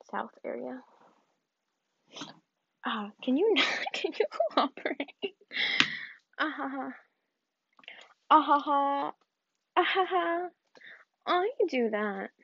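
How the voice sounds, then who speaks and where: A young woman from the American South talks her way through a casual vlog, rambling and teasing herself with giggly asides. Her voice sits fairly high for a woman. The recording sounds dull and dry, with a lo-fi tone. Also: no echo. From Southern United States. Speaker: vlogger. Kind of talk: casual vlog monologue while tidying.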